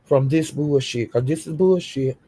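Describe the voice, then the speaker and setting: A woman's voice: deep voice, normal speed, warm tone, breathy edge. An older woman streaming to her channel, ranting in a profane, confrontational, defiant way. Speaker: YouTube streamer. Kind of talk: livestream rant.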